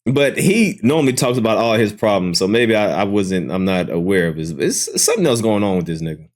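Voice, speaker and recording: A man's voice: on the low side, animated, brisk. A man reacting to clips with casual, dismissive commentary, amused and blunt. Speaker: commentary host.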